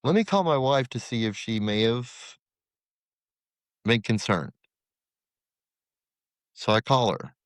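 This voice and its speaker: This middle-aged podcast guest, formerly a corrections officer, pauses often as he slowly tells his story in a medium-pitched voice. He's animated, performing the dialogue he quotes, and the recording is dry.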